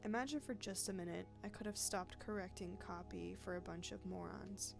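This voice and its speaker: A woman's voice: mid-range voice, normal speed, vocal fry, natural voice. A woman reading the lines of a bitter, vengeful female newspaper sub-editor, cold, accusing and pedantic, over game music. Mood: wistful.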